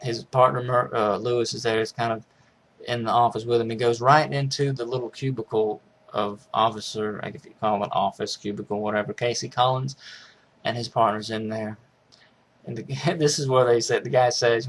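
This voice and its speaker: A man's voice: medium pitch, steady tone, normal speed. A man casually recapping a movie's plot in a rambling way, restarting sentences and chuckling as he goes. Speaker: movie reviewer.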